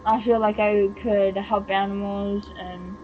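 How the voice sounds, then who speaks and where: A man's voice: sits high, little pitch movement, measured pace, narrow, tinny audio, a little hiss or hum. A teenage boy, a podcast guest, chatting casually and joking around. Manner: joking, playful. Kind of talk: casual chat.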